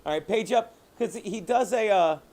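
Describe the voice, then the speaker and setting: A man's voice: sits high, moderate pace, darkish tone. A man hosting a podcast, chatting casually and retelling jokes with a laugh. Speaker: podcast host. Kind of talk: casual chat.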